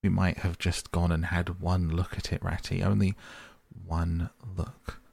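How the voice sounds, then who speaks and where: A man reading the part of a tearful, homesick male mole in a storybook, speaking in halting, stammering sobs. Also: low voice, level tone, creaky, a little mellow, breathy edge, no room sound, heavily acted. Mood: grieving.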